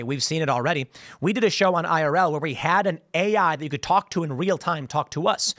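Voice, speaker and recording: A man in his thirties, from the United States, hosting online commentary in a rambling, animated way, often acting out voices. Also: fairly high pitch, dry recording, studio quality. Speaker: host. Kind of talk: online commentary on a news clip.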